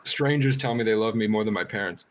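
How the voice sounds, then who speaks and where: A man's voice: fairly low pitch, fast talker, a little hiss or hum. A man rambling through stories on a casual livestream, laughing and swearing as he goes. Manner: profane, laughing, rambling storytelling. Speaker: livestream host.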